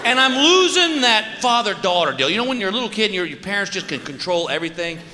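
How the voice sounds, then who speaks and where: A man in his forties performing a stand-up comedy routine, animated and exaggerating voices and shouts. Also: high-pitched, quick pace. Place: stage in a large hall. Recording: live hall with audience noise.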